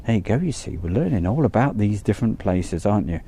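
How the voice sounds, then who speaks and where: A man hosting a live stream, chatting casually and greeting viewers by name, with lots of ums and pauses. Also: lowish voice, very animated, creaky, dark tone, slightly rough.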